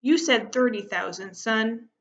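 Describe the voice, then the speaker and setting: A hopeful, pleading old grandfather from a storybook, as a woman reader voices him, coaxing softly and dropping in Spanish words. The voice sits fairly high and comes through a muffled, lo-fi recording. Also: a little slow, slight background noise. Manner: coaxing, slips in Spanish phrases. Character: elderly Mexican-American grandfather, hopeful and pleading.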